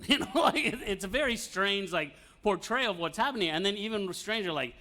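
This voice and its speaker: A man's voice: sits high, lively intonation, brisk, hardly any pauses, sharp tone. A man teaching an informal Bible study, talking conversationally with fillers and light laughs.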